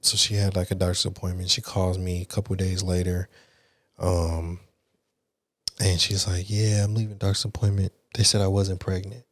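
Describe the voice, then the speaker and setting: A young adult man, a podcast guest, casually telling a candid, animated story with frank language. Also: sits low, moderate pace, dry recording, studio quality.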